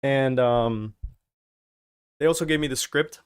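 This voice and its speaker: A man's voice: medium pitch, measured pace, clear, resonant tone. A man from Germany hosting a casual live watch-along stream, joking around and teasing the viewers as he reads their chat messages aloud. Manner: jokey, reads out and teases chat.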